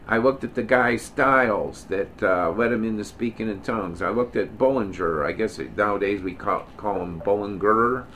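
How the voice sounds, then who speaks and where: A man's voice: mid-range voice, vocal fry, slight background noise. A middle-aged man leading an informal Bible study, reading verses aloud with emphasis and drifting into digressions, self-corrections and joking asides. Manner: reads scripture aloud with emphasis. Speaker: Bible teacher.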